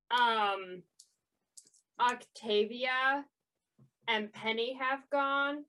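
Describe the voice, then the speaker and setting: A woman player in a tabletop game, speaking haltingly with many ums. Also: a little high, sharp tone, poor audio.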